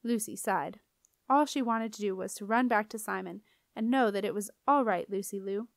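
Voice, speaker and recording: A woman narrating a children's fantasy audiobook. Her reading is even and expressive. The recording is dry and close, with no room sound. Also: mid-range voice, normal speed, vocal fry, dry recording. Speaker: audiobook reader. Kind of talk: storybook narration.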